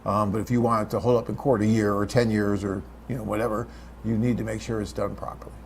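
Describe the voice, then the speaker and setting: A man's voice: on the low side, level tone, fast, slight background noise. Chatty man hosting a live Q&A. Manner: chatty, reads viewer questions aloud and answers off the cuff. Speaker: host answering viewer questions. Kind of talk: live webcast Q&A.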